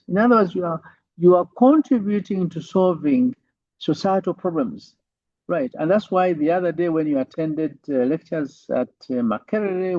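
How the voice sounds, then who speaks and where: Male lecturer teaching online, a bit high, gravelly, lo-fi video-call sound. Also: dark tone, no room sound. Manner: repeats "right?" as a tag, many fillers. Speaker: university lecturer.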